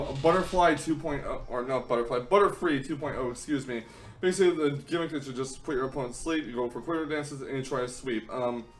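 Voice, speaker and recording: Fast-talking young man commentating a game. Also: a little high. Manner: chatty, fast, with frequent ums and self-corrections. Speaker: gaming channel host. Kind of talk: casual battle commentary.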